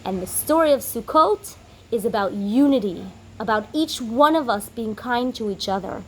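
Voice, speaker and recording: Woman teacher storytelling to kids, kinda high voice, faint noise in the back. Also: moderate pace, rough recording. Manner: animated storyteller, acts out characters' lines. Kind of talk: storytelling lesson for children.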